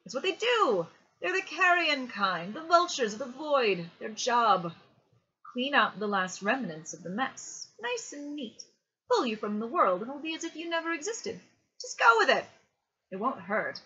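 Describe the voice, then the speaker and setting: A woman's voice: sits high, big pitch swings, normal speed, sharp tone, slightly rough, highs cut off, voice pushed up, heavily acted. Woman voicing a sneering dead opal miner. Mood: menacing. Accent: South African. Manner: sneering, coaxing threats. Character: menacing dead adult man, opal miner.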